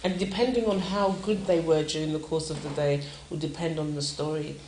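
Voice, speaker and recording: Woman storyteller, animated, laughs often, acts out voices, roomy echo. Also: low voice, brisk, a little hiss or hum. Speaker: storyteller guest. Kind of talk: casual storytelling chat. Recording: echoey room.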